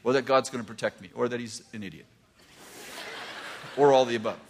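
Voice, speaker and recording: An older man preaching a sermon, telling a personal story with animated swings from hushed asides to near shouts. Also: mid-range voice, brisk, slight background noise. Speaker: pastor.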